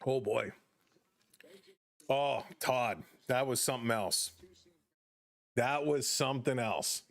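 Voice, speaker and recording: A middle-aged man from Canada hosting a live stream, giving play-by-play and chatting with viewers between pitches. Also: takes it slowly. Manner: chatty, reads viewer comments aloud between calls. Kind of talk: live play-by-play with chat reactions.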